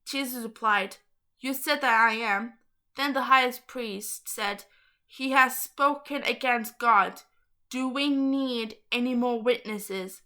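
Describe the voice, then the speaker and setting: A woman's voice: a little high, slow, sharp tone. A young woman reading a Bible story aloud, stumbling over hard names and adding chatty asides.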